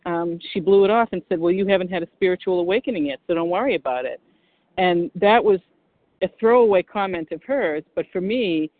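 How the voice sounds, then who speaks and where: A woman's voice: lowish voice, no echo. An older woman speaks earnestly, stopping and restarting her sentences as she shares her story with a recovery group. Her voice comes through a narrow, tinny phone line with no room sound around it. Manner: earnest, halting, frequent restarts. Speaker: recovery meeting member. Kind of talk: personal share on a phone meeting.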